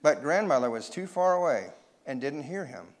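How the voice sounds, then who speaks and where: Guy reading a kids story out loud, asks the listeners stuff, kinda high voice. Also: normal speed. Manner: expressive, asks listeners questions. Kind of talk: reading a story aloud to children.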